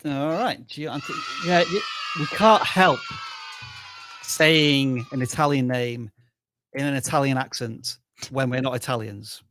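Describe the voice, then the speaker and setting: A man's voice: medium pitch, a little slow, over music. A man co-hosting a live stream in casual chat, playful and thinking aloud. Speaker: livestream co-host.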